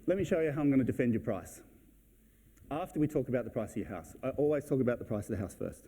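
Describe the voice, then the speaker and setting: A man giving a conference talk to fellow real estate agents, brisk and blunt, acting out his client conversations. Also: medium pitch, lively intonation, dark tone. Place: event hall.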